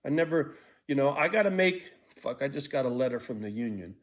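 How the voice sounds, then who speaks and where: A man's voice: medium pitch, animated, brisk. A man of sixty rambling through a profane vlog monologue, restarting and jumping between thoughts. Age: 60s. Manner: restless, frequent restarts and stumbles. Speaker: vlogger.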